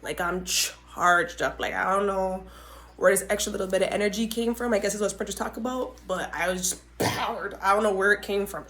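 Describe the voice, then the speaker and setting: A young woman hosts her own podcast and tells a story in a lively, dramatic way. She talks in a mid-range voice and keeps turning to her listeners with quick asides. Her delivery is casual and full of energy. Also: medium pitch. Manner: animated, dramatic retelling with frequent asides to listeners. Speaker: podcast host.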